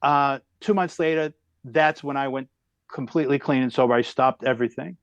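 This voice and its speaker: A comedian in his fifties telling a story in a lively, exaggerated way as a podcast guest. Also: medium pitch, fairly quick, dry recording, muffled recording. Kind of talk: animated storytelling.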